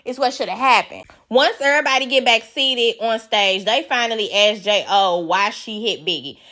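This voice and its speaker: A woman's voice: a little high, moderate pace. A woman giving a casual, blunt recap of a reality show, swearing freely and acting out the cast's lines. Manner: animated, blunt, swears, acts out quotes in a raised voice.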